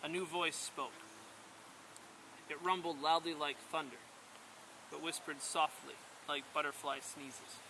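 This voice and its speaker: A man telling a storybook tale aloud at a camp in a slow, rhythmic way, outdoors in the countryside. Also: fairly high pitch, little pitch movement, background noise. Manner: slow, rhythmic, rising to loud climaxes.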